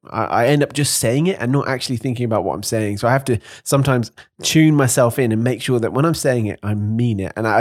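A man's voice: mid-range voice, a little mellow, no room sound, studio quality. A man co-hosting a podcast about faith, chatting casually and joking wryly, often restarting his phrases. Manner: wry, joking, self-correcting restarts. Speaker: podcast co-host. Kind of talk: casual chat.

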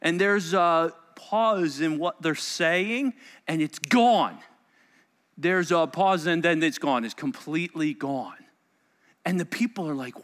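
A male pastor preaching a sermon to a congregation, telling the story dramatically and dropping into quiet asides. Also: sits high, measured pace, long reverb tail. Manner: animated, dramatic storytelling with sudden soft asides. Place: church sanctuary.

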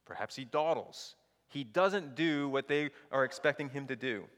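A man's voice: mid-range voice, normal speed, fairly bright tone, in a large hall. A male pastor reading scripture aloud and preaching a sermon, asking the listeners rhetorical questions.

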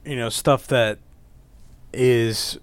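A man's voice: medium pitch, fairly even intonation, drawn-out words, no echo. A man co-hosting a podcast in casual chat, easygoing and brief in his replies. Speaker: podcast co-host.

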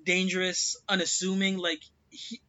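Excitable dude on a podcast, highish bright voice, dry muffled mic. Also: male voice, normal speed, no echo. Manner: excitable, lots of "like" fillers. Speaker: podcast co-host. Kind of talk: casual chat.

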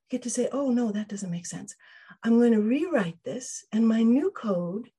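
A woman's voice: a little high, animated, moderate pace, warm tone, slightly rough. A woman guest on an interview podcast, explaining ideas thoughtfully with frequent restarts and quoted inner voices. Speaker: podcast guest, emotional wellbeing trainer.

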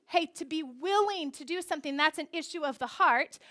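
A woman's voice: high voice, expressive, normal speed, few pauses, fairly bright tone. A woman in her thirties preaching a sermon to a church congregation, emphatic and repeating key phrases for stress. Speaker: pastor. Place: church sanctuary.

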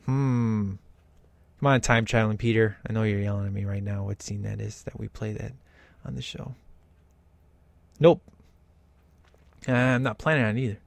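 Excitable man riffing along with a film. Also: lowish voice, fairly quick, creaky, long pauses, dry recording. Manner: excited, enthusiastic, imitates characters. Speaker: host reacting to a film. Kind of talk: casual watch-along commentary.

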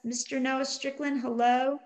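A woman's voice: high-pitched, little pitch movement, a little slow, poor audio. A middle-aged woman co-hosting a live online Bible study, reading scripture and viewer comments aloud with frequent ums. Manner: warm greetings, reads viewer comments aloud with many ums.

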